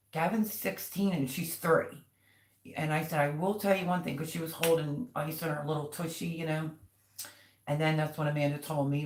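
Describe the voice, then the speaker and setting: An older woman hosts a live stream, chatting casually as she tells rambling family stories and reads out viewers' comments. Her voice sits low, and the sound is roomy.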